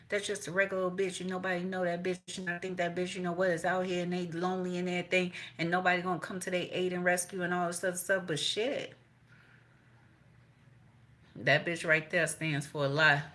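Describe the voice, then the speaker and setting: A middle-aged woman reads tarot cards for her viewers in a loose, chatty way. Her voice sits a little low yet comes across bright and forceful, and she swears freely while acting out what people say. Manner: profane, blunt, chatty, quotes people in voices. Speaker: tarot reader. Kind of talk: casual tarot reading to viewers.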